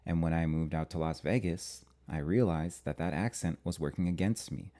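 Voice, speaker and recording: A Minnesota man who hosts an astrology channel's live-stream commentary show speaks haltingly, often restarting and using fillers. His voice is deep with a dark tone.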